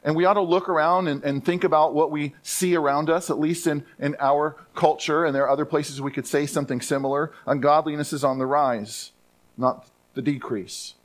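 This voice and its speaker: A man's voice: a little high, fairly even intonation, normal speed. Earnest male pastor preaching. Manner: earnest, repeats words for emphasis. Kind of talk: sermon. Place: church sanctuary.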